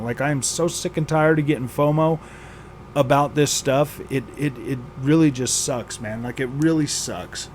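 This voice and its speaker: A man's voice: on the high side, steady tone, normal speed, darkish tone, slight background noise. A man hosting a gaming channel, venting with exasperation, sighing and repeating himself as he rants. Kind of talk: frustrated venting vlog.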